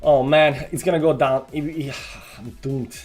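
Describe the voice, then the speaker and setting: A man's voice: fairly high pitch, a little slow, breathy edge, faint music behind. A man live-streaming his crypto trades, moaning in despair at losses and cheering at gains, talking to his viewers. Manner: swings between groaning despair and excited cheering; dramatic, self-mocking, talks to chat. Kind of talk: live-stream commentary on a trading chart.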